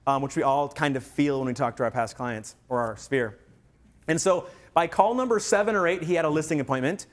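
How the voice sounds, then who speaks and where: A man's voice: on the high side, brisk. A man giving a workshop talk to real estate agents, telling stories and acting out quoted voices with energy.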